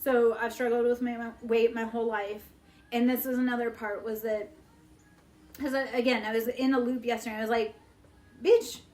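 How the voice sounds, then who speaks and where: A woman's voice: a little high, little pitch movement, a little fast, darkish tone. A woman in her forties talking bluntly and profanely on a live stream, preachy and fired up. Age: 40s. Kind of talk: casual live-stream monologue.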